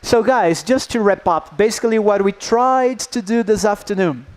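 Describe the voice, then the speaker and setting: A man's voice: high-pitched, normal speed, clean tone. Man leading a teacher-training workshop. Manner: lively, engaging, checks in with "yeah?" often. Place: indoor workshop room.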